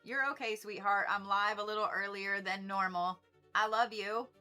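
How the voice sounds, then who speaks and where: A woman's voice: mid-range voice, steady tone, normal speed, bright, forceful tone, soft background music. A middle-aged woman hosting an astrology livestream, talking in a chatty, rambling way with frequent swearing and laughing asides. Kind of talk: casual livestream chat.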